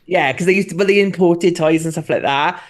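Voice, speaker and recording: A man's voice: fairly high pitch, fairly quick. Male co-host, rambling storyteller. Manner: rambling, animated storytelling with swearing. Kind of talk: casual chat.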